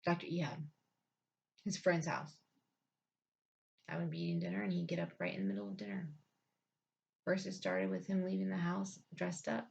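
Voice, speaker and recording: Frank, foul-mouthed woman storyteller; lower register, muffled lo-fi recording. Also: sing-song, moderate pace, gravelly, long pauses, husky. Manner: blunt, frustrated, profane. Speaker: vlogger telling her life story. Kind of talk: candid storytelling, heavy swearing. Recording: dull lo-fi sound.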